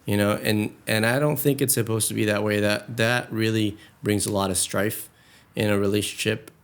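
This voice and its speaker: A man's voice: fairly low pitch, fairly even intonation, moderate pace, clear, resonant tone. A young man co-hosting a podcast in casual chat, talking earnestly and at length, and acting out quoted lines in a raised voice. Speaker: podcast co-host.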